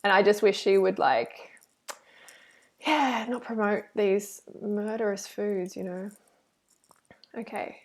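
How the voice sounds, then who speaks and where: A woman reacting to a video and reading her live chat, animated and preachy, full of "like" and "you know". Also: medium pitch, slow, long pauses. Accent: Australian. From Australia.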